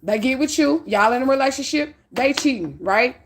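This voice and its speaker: A woman's voice: sits high, expressive, moderate pace, a little hiss or hum. A middle-aged woman giving a spiritual reading, preaching bluntly and profanely with heavy emphasis. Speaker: spiritual reader.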